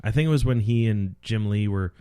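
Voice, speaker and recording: A man's voice: lowish voice, a little fast, dark tone, clean tone. A man co-hosting a podcast, chatting casually and hesitantly. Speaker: podcast co-host. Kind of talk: casual chat.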